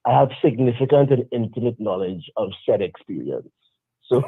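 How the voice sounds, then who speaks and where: Over a tinny phone connection, a caller with a medium-pitched, slightly rough voice joins a live show with no echo. Unhurried, with big swings in pitch, he chats casually and rambles, often starting over.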